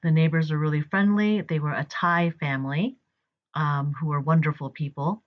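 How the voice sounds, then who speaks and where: A woman's voice: deep voice, normal speed. A woman telling a personal story in a chatty way, with fillers and acted-out dialogue. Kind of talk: personal story told to camera. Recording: dull lo-fi recording.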